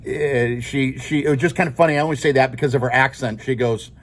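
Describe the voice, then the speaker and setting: A man's voice: mid-range voice, fairly even intonation, quick pace. A middle-aged man, a teacher, giving his class a rambling, informal talk, often chuckling and checking in with "okay?".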